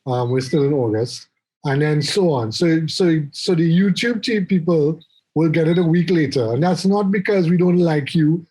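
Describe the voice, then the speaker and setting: A man's voice: fairly high pitch, moderate pace, darkish tone, poor audio. Rambling man hosting a podcast. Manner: rambling, restarts often. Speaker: podcast host. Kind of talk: casual chat. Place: home, on a video call. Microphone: video call.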